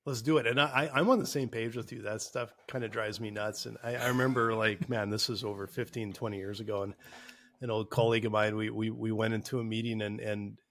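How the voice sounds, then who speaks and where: A man's voice: on the low side, fairly even intonation, a little fast, a bit bright. A man co-hosting a casual podcast, easygoing and a bit rambling, often repeating words. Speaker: podcast co-host.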